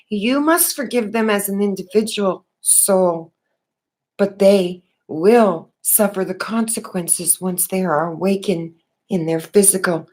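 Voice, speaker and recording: Woman vlogger, mid-pitched, unhurried, earnest spiritual musing with frequent pauses and restarts. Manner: earnest, halting, many fillers and restarts. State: tearful. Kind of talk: unscripted spiritual monologue.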